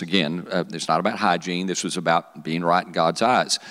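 A man's voice: low voice, fairly quick, few pauses. A man preaching a sermon to young people, joking and calling for responses. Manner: lively, joking, calls for audience responses. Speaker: youth pastor.

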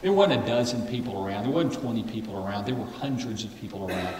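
A man's voice: on the low side, expressive, fast, a little mellow, distant mic, slight background noise. A man preaching a sermon, who calls on the congregation to repeat phrases back to him. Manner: leads call-and-response with the congregation. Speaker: pastor. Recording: echoey hall from afar.

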